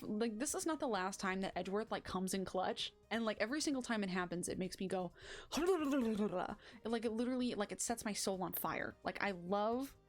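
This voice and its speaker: A young woman streamer at home talks casually, gushing and rambling with lots of fillers, excitable and quick to exclaim. Her voice sits at a middling pitch for a woman, and quiet background music runs under her talk. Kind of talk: casual game stream chat. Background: faint background music.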